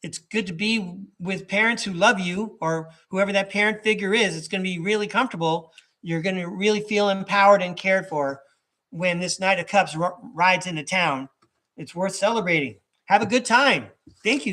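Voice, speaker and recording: A man with a high, fairly bright voice speaks at normal speed while hosting a live tarot reading for his chat. The tarot reader and podcast host rambles chattily, full of asides and small chuckles between thoughts.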